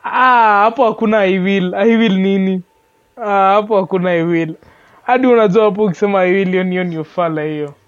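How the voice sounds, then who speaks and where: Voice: medium pitch, dull audio. A podcast co-host with a Kenyan accent, joking and emphatic in casual chat. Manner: joking, emphatic, quick switches into Sheng.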